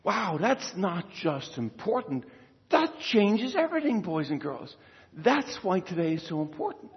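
High-voiced priest giving a homily to first communion kids, chatty, keeps asking them questions, long church echo, kinda dull sound. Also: male voice, measured pace, creaky. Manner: lively, conversational, quizzes the children.

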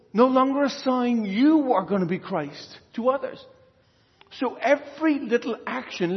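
A man preaching as a priest in a homily to children at their First Communion, lively and conversational, quizzing them with questions. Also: extremely high pitch. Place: church. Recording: dull, reverberant church sound.

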